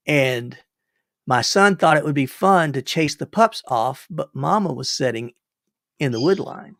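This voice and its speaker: Gravelly older man telling stories. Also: on the high side, expressive, moderate pace, a bit bright, no room sound, clean studio sound. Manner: rambling, repeats words, chuckles. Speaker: livestream host. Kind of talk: casual storytelling.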